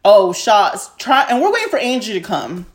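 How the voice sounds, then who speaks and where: A woman's voice: mid-range voice, big pitch swings, moderate pace. A young woman co-hosting a podcast, chatting casually and bubbly, often chiming in and laughing. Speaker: podcast co-host. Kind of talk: casual chat.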